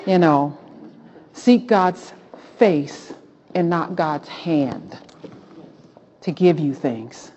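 Casting: woman host of a faith talk, lower voice, gets fired up, dull lo-fi sound. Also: extremely slow, long pauses, slight background noise. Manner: animated, rising to exclamations. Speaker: host of a Christian talk show. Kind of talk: preaching-style Bible talk.

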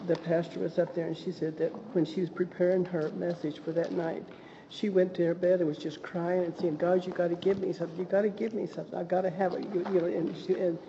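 Casting: woman guest telling a faith story, low mellow voice, echoey dull recording with faint hiss. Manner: halting, with repeated restarts. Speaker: co-host or guest. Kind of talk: personal testimony in conversation.

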